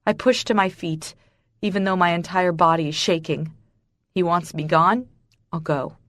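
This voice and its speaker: A woman's voice: lowish voice, steady tone, moderate pace, fairly bright tone, no room sound, studio quality. A woman narrating a romance audiobook in the first person, with intense emotional storytelling.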